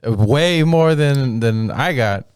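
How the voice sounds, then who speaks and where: A man's voice: mid-range voice, animated, slow pace, clean tone, no echo. A married man, a comedian guest on a podcast, telling crude rambling stories in casual banter. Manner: rambling storytelling, crude jokes.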